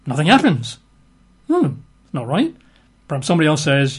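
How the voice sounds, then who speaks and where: Middle-aged preacher, conversational Bible teaching, a bit higher voice, lots of 'sort of' and 'um'. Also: male voice, wildly swooping pitch, moderate pace, slightly rough. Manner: chatty and hesitant, many fillers and 'sort of'.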